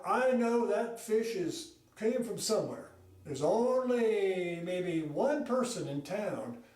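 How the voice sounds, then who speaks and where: A man voicing a fishing-shop owner who speaks in a folksy, measured way. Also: high voice, a little mellow. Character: middle-aged man who runs a fishing shop, thoughtful. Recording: echoey room, mic far off.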